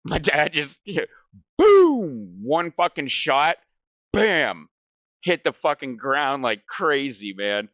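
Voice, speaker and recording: A man's voice: fairly high pitch, huge pitch swings, slow pace, fairly bright tone, no echo. A man hosting a gaming channel, telling a story in casual chat. He rambles, swears a lot and keeps saying "like". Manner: rambling, profane, fills speech with "like".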